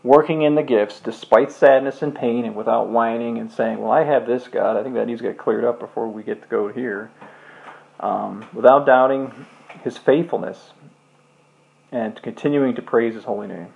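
A man's voice: medium pitch, moderate pace, vocal fry, lo-fi sound. A man preaching a casual, earnest sermon, reading scripture and leading a closing prayer. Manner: earnest, loose and conversational, with restarts.

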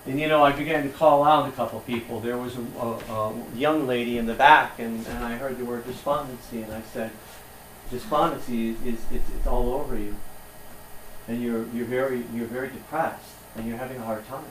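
A man preaching a sermon with passion, swinging between quiet reflection and emphatic, rising peaks. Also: medium pitch, steady tone, a little fast, background noise. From United States. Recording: echoey room from far off.

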